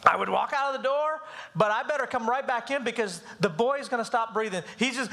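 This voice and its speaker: Brief: male parenting teacher, quick and high-pitched, animated storyteller who acts out voices. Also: noisy background. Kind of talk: live church class talk.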